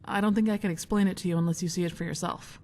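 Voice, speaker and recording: A woman voicing an idealistic female guild leader in a game, earnest and measured. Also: lowish voice, steady tone, a little mellow, big-room sound. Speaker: game character.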